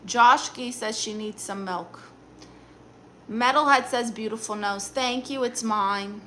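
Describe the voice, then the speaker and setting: A woman's voice: on the high side, bright, forceful tone, a little hiss or hum. A woman with a Brooklyn accent voicing a blunt, sassy aunt who reads viewer comments and gives dating advice on a live stream. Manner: blunt, sassy, quick comebacks.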